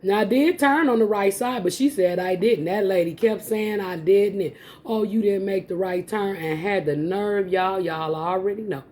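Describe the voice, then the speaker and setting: Mellow-voiced woman telling a story. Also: mid-range voice, moderate pace, hardly any pauses. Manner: animated, laughing often, addresses viewers as y'all. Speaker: mukbang vlogger. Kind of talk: casual storytelling to viewers. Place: home, eating on camera.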